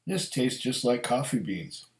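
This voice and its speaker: A middle-aged man reviewing whiskey in a slow, musing, storytelling way. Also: mid-range voice, sing-song. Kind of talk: casual tasting review. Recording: echoey room.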